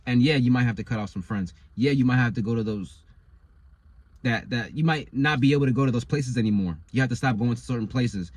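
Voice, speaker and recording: Man, motivational coach, husky voice, mid-pitched, repeats phrases, casual slang, insistent pep talk. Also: a little fast, a little mellow, no room sound. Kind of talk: motivational monologue.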